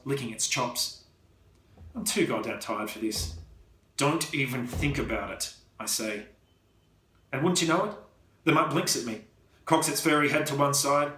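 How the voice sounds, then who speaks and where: Brief: Australian male author, bright forceful voice, reads his adventure novel aloud, echoey room. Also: mid-range voice. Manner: lively first-person reading, then chatty with many fillers. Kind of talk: reading his novel aloud, then casual thanks.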